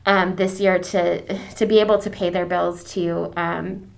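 In a fairly low, gravelly voice with a flat delivery and an unhurried pace, a woman who heads a church's deacons speaks on a casual podcast. She's warm and effusive about her subject despite many fillers and restarts, and she's growing emotional.

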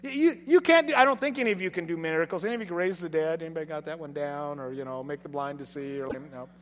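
High-voiced preacher in a reverberant hall. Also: male voice, fast. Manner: dynamic, swings from shouting to hushed tones; leads congregation in call-and-response. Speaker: pastor. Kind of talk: sermon. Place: church hall. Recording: long hall reverb, faint hum.

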